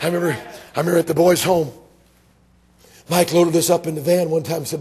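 A man from Georgia preaching a sermon, telling stories emphatically and rising to shouts. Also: a little high, fairly even intonation, quick pace, slightly rough.

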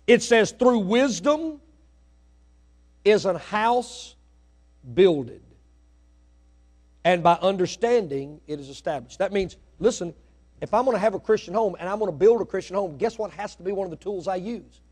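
A middle-aged man preaching a sermon in church, swinging from hushed asides to loud, rising exhortation. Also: high voice, fast. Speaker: pastor. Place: church sanctuary.

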